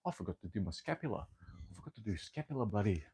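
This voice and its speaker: An Australian fitness livestreamer rambles through casual chat while working out indoors at home, dropping lots of fillers and mild swearing. His voice is on the low side, sing-song, quick, darkish and husky, recorded dry on a clip-on mic that sometimes falls off.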